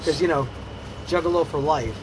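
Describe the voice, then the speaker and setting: A man in casual chat, teasing his friends with loud, profane banter. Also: fairly high pitch, normal speed, background noise.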